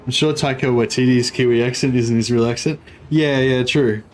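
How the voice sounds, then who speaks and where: A man's voice: medium pitch, steady tone, normal speed, a little hiss or hum. An Australian man streaming a strategy game, chatting casually and rambling with many fillers and restarts. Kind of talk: casual gaming livestream chat.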